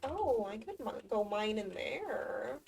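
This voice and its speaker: A woman's voice: on the high side, sing-song, takes it slowly, vocal fry, a little mellow, recorded from a distance, a little hiss or hum. A woman streamer talking to herself during a game, swearing often and easily exasperated. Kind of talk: casual gameplay commentary.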